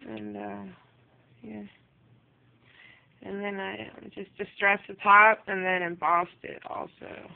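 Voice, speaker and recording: A woman casually showing off her handmade crafts on a home video, chatty and rambling, with quick apologetic asides. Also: mid-range voice, fairly even intonation, vocal fry. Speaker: craft vlogger. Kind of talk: casual craft show-and-tell. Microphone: phone camera. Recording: tinny phone-quality recording.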